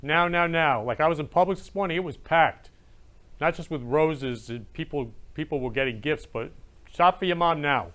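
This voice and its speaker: A man's voice: on the high side, normal speed, a bit bright. A man hosting a talk show, gushing with emotion and often exclaiming, in casual chat. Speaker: show host.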